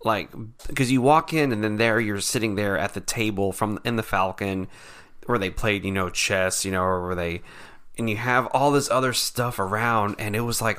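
A man co-hosting a casual chat, telling stories in an animated way and acting out the people in them. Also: lowish voice. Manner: animated storyteller, acts out quoted people. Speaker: podcast co-host.

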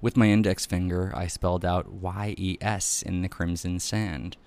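Deep-voiced man reading a memoir. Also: little pitch movement, moderate pace, vocal fry, a little mellow. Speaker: audiobook narrator. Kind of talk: first-person memoir reading.

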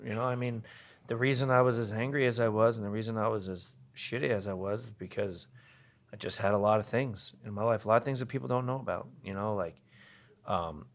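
A man from New Jersey speaks earnestly in a lowish voice, opening up about his life as an interview guest. He takes his time, pausing between thoughts in a candid, confessional manner. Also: steady tone. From New Jersey, USA. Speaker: guitarist guest.

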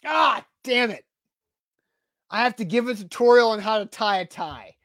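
Brief: relaxed male show host, casual sports talk, dry recording. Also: high voice, moderate pace, dry recording. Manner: easygoing, laughs along.

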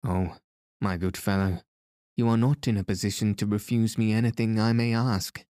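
A man voicing a sly, menacing former detective of about forty who calmly threatens, in a storybook reading. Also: on the low side, normal speed, smooth, no echo, studio quality, close to an everyday voice. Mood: insinuating. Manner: cool, insinuating, threatening.

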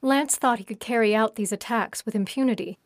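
A woman narrating her own story in a steady, even reading voice. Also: fairly high pitch, a little fast, dry recording, studio quality. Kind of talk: audiobook narration.

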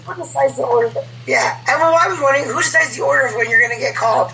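A woman co-hosting a podcast in casual chat, reacting with quick, incredulous questions. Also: high voice, vocal fry, pushed and bright, a little hiss or hum, rough recording. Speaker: podcast co-host.

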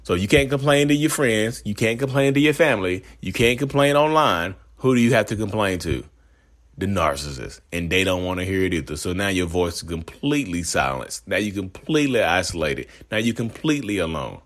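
A man's voice: sits low, expressive, brisk, a bit bright. A man ranting in a casual monologue, rambling and repeating himself as he acts out quoted voices. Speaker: self-aware narcissist vlogger.

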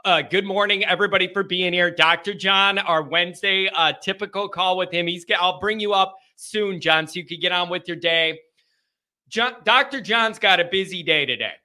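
A man's voice: sits high, pushed and bright. A man hosting a live fan call-in show, talking in a rambling, jokey, self-mocking way. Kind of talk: casual live-stream chat.

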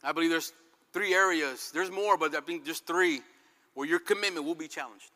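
A man preaching a fervent sermon, swinging between loud calls and quiet passages. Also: fairly high pitch, normal speed. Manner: fervent, dramatic swings in loudness. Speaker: pastor. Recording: long reverb hall.

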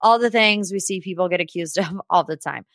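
A woman's voice: lowish voice, brisk, a bit bright, dry recording. Sassy woman dishing reality TV gossip. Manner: sassy and gossipy, talks straight to people she discusses; chatty, with frequent "like" and laughs. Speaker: podcast host. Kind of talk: casual reality TV recap.

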